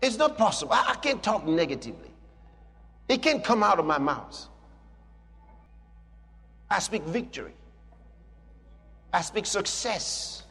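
A man preaching a sermon with emphatic, repetitive declarations that rise to shouting. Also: high voice, sing-song, unhurried, long pauses. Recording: long hall reverb with faint music.

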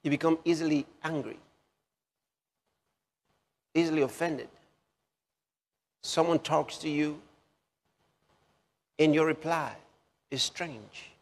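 A man delivers a sermon in a fairly high voice, putting questions straight to his listeners. He repeats key phrases again and again for emphasis. His voice carries a long reverb tail. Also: slow, long pauses. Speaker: preacher.

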